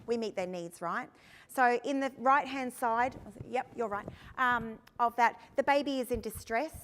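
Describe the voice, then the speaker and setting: Australian woman, foster-care trainer, higher voice, chatty storyteller, long hall echo. Workshop presenter. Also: a bit bright. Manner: chatty storytelling, asks the audience questions. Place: conference room.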